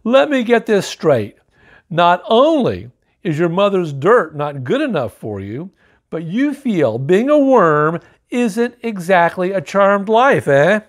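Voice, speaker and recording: A man's voice: high voice, very animated, exaggerated voice. Man doing a proud, stern father worm. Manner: stern, measured.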